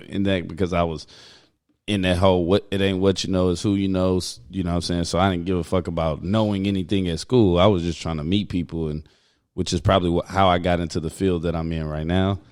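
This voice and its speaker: Deep-voiced laid-back young man. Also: steady tone, brisk, darkish tone. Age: young adult. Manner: laid-back, laughs often, profane. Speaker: podcast co-host. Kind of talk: casual chat.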